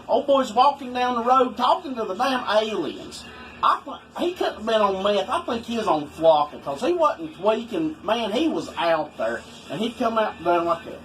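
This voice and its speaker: A man's voice: high-pitched, fairly bright tone, slight background noise, rough recording. A man telling rambling, folksy stories in casual talk. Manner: folksy, rambling, swoops for effect. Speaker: storyteller vlogger.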